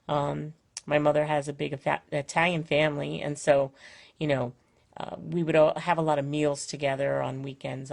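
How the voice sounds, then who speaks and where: A woman's voice: low voice, gravelly. An older woman chatting casually from her home on a live stream, rambling with many fillers and restarts. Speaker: Facebook Live host. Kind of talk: casual chat. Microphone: phone or webcam, live stream.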